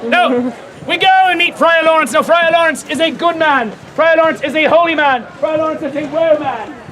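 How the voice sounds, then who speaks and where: A man comically narrating a live audience-participation show and shouting cues for the crowd to repeat. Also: very high-pitched, normal speed. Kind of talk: live comedic storytelling to a crowd. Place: outdoor fair stage. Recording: loud crowd noise outdoors. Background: loud crowd of onlookers.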